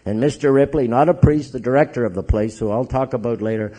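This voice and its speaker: A Canadian man and Catholic priest telling his recovery story to an audience in a joking, animated way. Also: medium pitch, fast talker. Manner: joking, animated storyteller who acts out others' voices.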